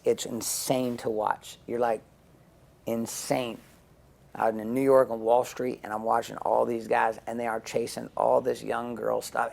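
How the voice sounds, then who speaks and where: Gravelly guy, blunt and sweary, tells stories and does everyone's lines. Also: medium pitch. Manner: blunt, profane, storytelling with acted-out quotes. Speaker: interview guest. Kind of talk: intense candid interview talk.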